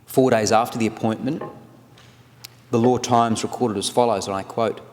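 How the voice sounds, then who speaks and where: A man in his forties giving a formal, scholarly lecture on legal history, measured and read from a paper. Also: medium pitch, fairly even intonation, a little mellow. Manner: measured, scholarly delivery with occasional restarts. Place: large lecture hall. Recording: long reverb of a lecture hall.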